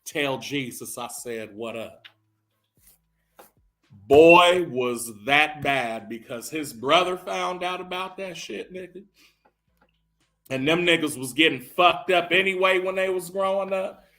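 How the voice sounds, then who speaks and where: A man telling a profane, animated comedic recap of a film, acting out the characters' lines as he goes. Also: on the high side, a little slow.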